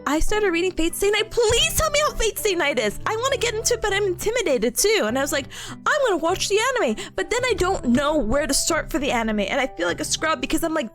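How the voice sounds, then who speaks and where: A woman's voice: extremely high pitch, sing-song, fast talker, few pauses, soft background music. A young woman VTuber chatting casually with her stream chat, bubbly and giggly, rambling between topics.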